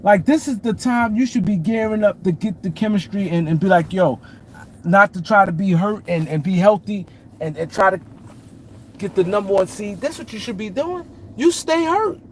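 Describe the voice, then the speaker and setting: Hosting a casual sports commentary stream, a man from New York City greets viewers by name and repeats his points. He talks at a moderate pace in a high-sitting voice, and there's a faint hiss or hum.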